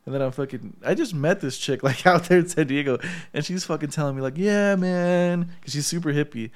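Chill dude rambling on a podcast, lots of cussing, laughs a lot. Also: male voice, on the high side, fast talker. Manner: laid-back storytelling, heavy swearing, laughs often. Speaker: podcast co-host. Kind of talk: casual chat.

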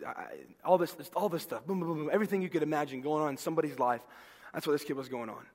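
A man's voice: a little high, very fast, darkish tone. A man, preaching an earnest sermon to teens and repeating words as he goes. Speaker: pastor. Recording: long hall reverb.

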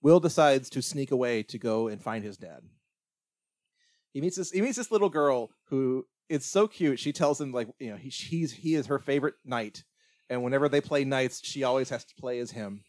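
A man's voice: mid-range voice, lively intonation, normal speed, darkish tone, dry recording, clean studio sound. Man rambling through a casual movie recap. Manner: rambling retelling full of "like" and restarts. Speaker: podcast co-host.

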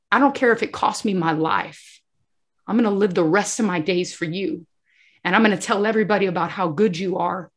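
A woman giving an emotional faith testimony as a guest, telling her story with animation and acting out the dialogue. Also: mid-range voice. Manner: animated storyteller who acts out dialogue and often addresses the host.

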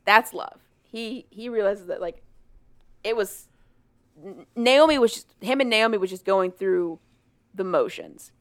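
A woman's voice: medium pitch, lively intonation, measured pace. A woman co-hosting a casual chat, retelling a book's plot in a chatty way and acting out the characters' lines. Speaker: podcast co-host. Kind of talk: casual chat recapping a book.

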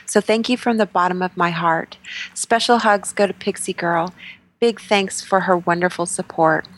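A woman co-host reading a listener's email aloud in a warm, sympathetic way. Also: fairly low pitch, steady tone, moderate pace.

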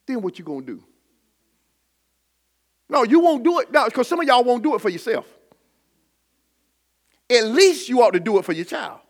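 A middle-aged male preacher, giving a sermon with personal testimony and call-and-response preaching that builds to shouts. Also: very high voice, very animated, moderate pace, long pauses.

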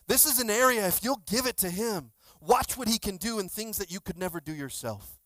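A male pastor giving a sermon, telling stories in an animated way, acting out quotes and often repeating words. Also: high-pitched, a little fast, dry recording. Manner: animated storytelling, acts out quotes; repeats words, many restarts.

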